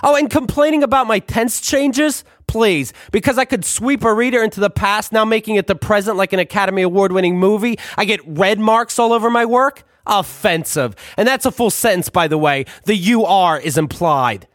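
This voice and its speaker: High-voiced sarcastic man reading his book. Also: expressive, moderate pace, few pauses, fairly bright tone, no room sound, studio quality. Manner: sarcastic, ranting, profane. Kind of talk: audiobook reading with asides.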